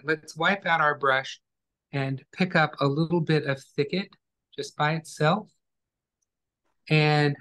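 Slow, calm male painting instructor. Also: a little high. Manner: calm, step-by-step, gentle instructions. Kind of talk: online painting class demonstration.

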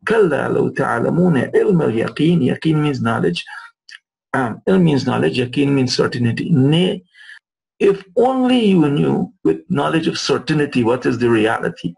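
A man's voice: mid-range voice, animated, a little slow, vocal fry, darkish tone, husky, rough recording. A man teaching Arabic words of the Quran, repeating and restating terms as he explains them. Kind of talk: recorded lesson explaining verses.

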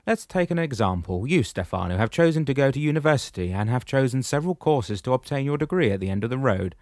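Man doing a calm, patient old shepherd sage, voice pitched up and projecting, dry audiobook read. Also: fast, dry recording, lightly acted. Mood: calm explaining. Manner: patient, explaining, gently lecturing. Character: wise calm old male shepherd spirit.

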